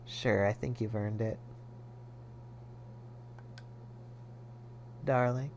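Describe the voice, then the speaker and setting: A man's voice: fairly low pitch, steady tone, moderate pace, darkish tone, a little hiss or hum, voice pushed down, natural voice. A man voicing a sultry, domineering mother. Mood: sultry teasing. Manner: purring, teasing, then scolding. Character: seductive, domineering mother, middle-aged woman. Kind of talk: reading game dialogue aloud.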